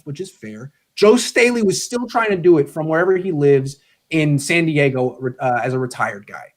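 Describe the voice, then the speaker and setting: A man's voice: high voice, darkish tone. A man on a sports podcast, bluntly and sarcastically grading football players as if speaking to them directly. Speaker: guest sports commentator. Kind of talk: casual podcast chat.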